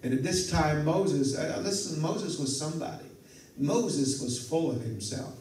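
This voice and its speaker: A male pastor preaching a sermon, telling a story in a lively way, acting out the dialogue and chuckling at his own asides. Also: a little high, a little slow. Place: church sanctuary. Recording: echoey church hall from far off.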